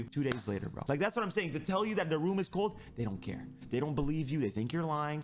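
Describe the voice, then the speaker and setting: A man's voice: fairly high pitch, very animated, fast talker, few pauses. A young man who streams, telling a personal story in an intense, rambling way that is full of swearing.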